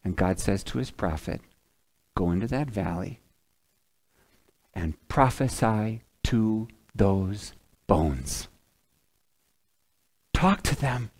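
A man preaching a sermon as a pastor, swinging from loud emphatic lines to hushed ones and acting out quoted speakers. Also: fairly low pitch, animated, slow, pauses often. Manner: acts out the prophet's and God's words in quoted asides.

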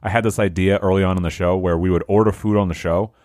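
A man hosting a podcast talks loosely, circling back and restarting his thoughts. His voice sits a bit low. The sound is close and dry. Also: fairly even intonation, quick pace, darkish tone, dry recording. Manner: rambling, explains with restarts. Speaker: podcast host. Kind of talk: casual chat.

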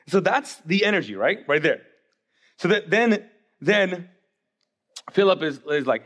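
A man preaching a sermon as pastor, animated and joking, acting out the voices of the figures in the story. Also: on the high side, moderate pace.

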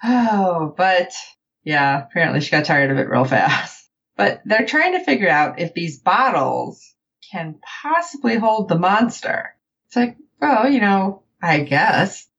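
A woman co-hosting a casual recap show, animated and acting out the characters' lines as she tells it. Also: lowish voice, unhurried, lo-fi sound. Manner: animated, quotes characters in playful voices. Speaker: podcast co-host.

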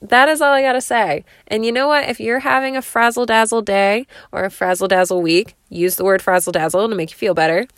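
A woman's voice: medium pitch, fairly even intonation, a little fast, hardly any pauses, dry recording, studio quality. A woman hosting a casual solo podcast, chatty and rambling with frequent laughs, recorded in her parked car. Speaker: podcast host.

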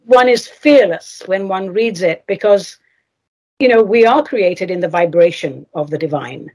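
A woman's voice: lowish voice, animated, measured pace, a little mellow. A woman hosting a spiritual radio talk show, speaking earnestly and asking her guest leading questions. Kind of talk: conversational interview.

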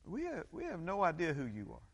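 A man putting on a low, sly demon voice. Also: wildly swooping pitch, fast talker, gravelly, exaggerated voice. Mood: mocking. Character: mocking demon inside a possessed man.

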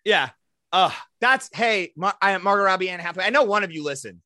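Bright, high-voiced joking man. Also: a little fast, dry recording, studio quality. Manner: animated, jokey, acts out quoted voices. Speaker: podcast co-host. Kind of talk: casual banter.

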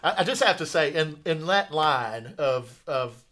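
A man's voice: on the high side, lively intonation, unhurried, fairly bright tone. A man hosting a podcast, chatting casually and teasing with lots of fillers, at a studio mic. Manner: joking, teasing, hesitant with fillers. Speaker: podcast host. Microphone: studio podcast mic at a table.

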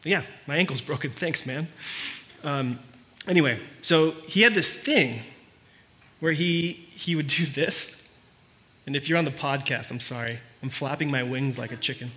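A man preaching, telling a story in a conversational way that turns quiet and earnest. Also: mid-range voice, moderate pace. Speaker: pastor. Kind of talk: sermon.

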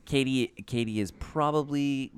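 A man on a film podcast, pitching an idea in halting, jokey casual talk. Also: clean tone, no room sound. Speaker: podcast co-host.

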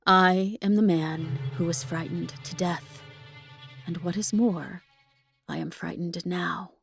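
A woman reading aloud, voicing the quiet, sad ghost of a frightened young man with a subdued, sighing delivery. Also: lowish voice, steady tone, slow pace, creaky, soft background music. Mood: sad, hushed.

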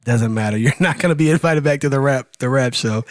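A man co-hosting a casual podcast chat who makes provocative, teasing jokes with a deadpan delivery. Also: medium pitch, fast talker, no echo, clean studio sound. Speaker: podcast co-host. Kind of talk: casual banter.

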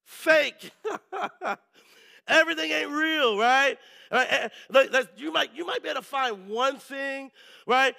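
A male pastor preaching a sermon, telling lively stories and often checking in with the congregation. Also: very high-pitched, slow pace, gravelly. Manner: lively storytelling, keeps asking the crowd "right?".

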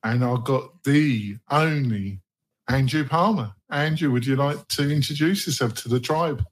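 A man hosting a roundtable podcast, joking and laughing with many halting fillers. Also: medium pitch. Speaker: podcast host. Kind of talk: casual roundtable chat.

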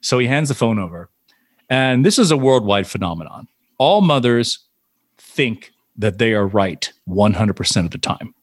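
A man, an actor, telling anecdotes in a casual interview, animated and laughing often. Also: fairly low pitch, moderate pace, breathy edge, no room sound, studio quality. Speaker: actor, guest.

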